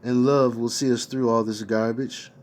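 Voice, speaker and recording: A man's voice: medium pitch, level tone, moderate pace, a little mellow, natural voice. A man reading out the lines of a troubled, lovesick grown man in his own plain voice. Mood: pleading. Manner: read out plainly in the reader's own voice.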